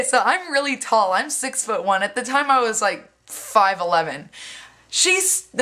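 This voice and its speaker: A young woman vlogging casually, acting out quoted lines and swearing bluntly, with lots of "like". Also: on the high side. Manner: animated, acts out other people's lines in quoted voices; frequent "like" fillers, blunt and sweary. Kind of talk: casual storytelling vlog.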